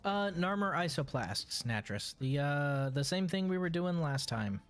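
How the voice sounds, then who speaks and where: A male game streamer from Texas with a slightly high voice. He chats in a laid-back, joking way and swears often. Game music runs faintly under his talk. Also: animated, measured pace. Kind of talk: casual gaming chat.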